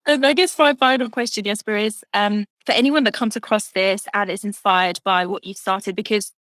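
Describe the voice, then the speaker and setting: A woman's voice: mid-range voice, fairly even intonation, normal speed, a bit bright, no room sound. A woman hosting an interview, enthusiastic and emphatic as she speaks with her guest. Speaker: interview host. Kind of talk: casual interview talk.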